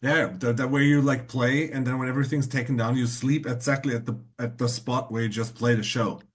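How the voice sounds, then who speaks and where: A man's voice: medium pitch, fairly even intonation, brisk, breathy edge. A man hosting a podcast, telling rambling anecdotes in casual chat. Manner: rambling anecdotes full of fillers. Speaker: podcast host.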